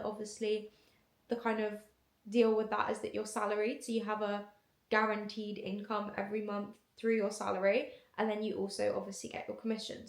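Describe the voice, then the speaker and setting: A woman's voice: mid-range voice, vocal fry. A young woman telling a casual story to camera in a chatty way, full of fillers. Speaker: content creator. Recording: echoey room.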